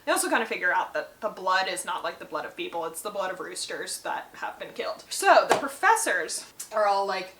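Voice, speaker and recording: Chatty, bright-voiced woman recapping a book. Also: mid-range voice, sing-song, fairly quick, a little hiss or hum, low-quality recording. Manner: chatty, rambling, lots of fillers. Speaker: book channel host.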